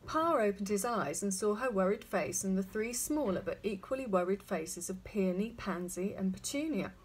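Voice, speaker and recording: Husky woman reading a children's story. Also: mid-range voice, expressive, moderate pace. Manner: gentle, addressing young listeners.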